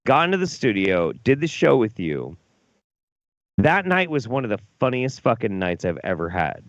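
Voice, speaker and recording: A man's voice: mid-range voice, sing-song, normal speed, no room sound, lo-fi sound. A drunk man co-hosting a talk show, telling a rowdy, profane story and acting out quotes. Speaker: co-host.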